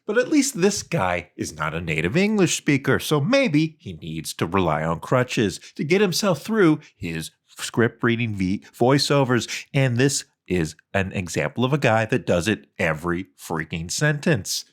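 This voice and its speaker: A man in casual comedic commentary, his pitch swooping in big arcs as he mocks a sing-song script-reading voice. He sounds playful and teasing, and he overdoes the rise and fall of each phrase on purpose. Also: big pitch swings, measured pace, hardly any pauses. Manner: mocking, playful. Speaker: video commentator.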